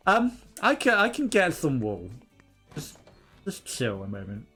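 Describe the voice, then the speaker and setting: A man's voice: on the high side, wildly swooping pitch, unhurried, pushed and bright, slightly rough. A young man hosting a let's play, chatting casually, laughing and reading game dialogue aloud. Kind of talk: casual gameplay commentary. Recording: game music behind.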